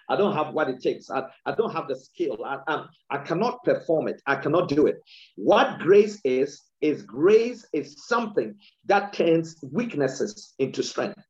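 Emphatic preacher man, lively pitch. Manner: emphatic, repeats key phrases, stretches words for stress. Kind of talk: sermon. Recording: dull lo-fi sound.

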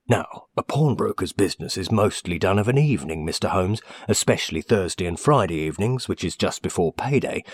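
A man reading a classic story aloud in the first person, measured and expressive. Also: low voice, breathy edge, no echo, studio quality. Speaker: audiobook narrator.

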